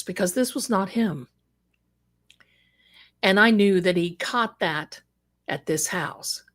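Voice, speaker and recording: A middle-aged woman telling a personal story on a live stream, acting out the voices of the people in it with emotion. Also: medium pitch. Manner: emotional, acts out quoted voices. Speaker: psychic guest telling her story.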